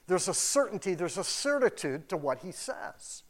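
A pastor giving a casual, animated sermon in a church, acting out quoted voices as he goes. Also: high-pitched, moderate pace. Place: church building.

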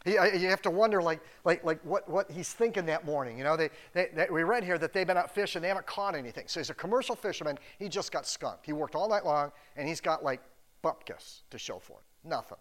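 Middle-aged guy preaching, high voice, chatty and rambly, keeps restarting and tossing in side jokes. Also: expressive, fast talker, fairly bright tone. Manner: conversational, rambling with restarts and asides. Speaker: pastor. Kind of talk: sermon.

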